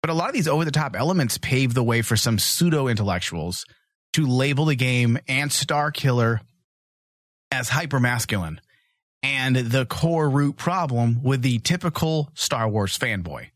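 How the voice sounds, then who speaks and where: A man's voice: medium pitch, moderate pace, no echo, clean studio sound. A man co-hosting a podcast, chatting crudely and ranting in a brash, joking way. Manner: brash, joking, mock-macho rants. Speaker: podcast co-host. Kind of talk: crude comedic podcast chat.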